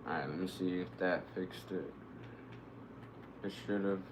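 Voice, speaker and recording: A man streaming live, commenting on his gameplay, who bursts into excited, cursing shouts at the action. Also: low-pitched, measured pace, noisy background. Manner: excitable, swearing, shouting reactions to the game.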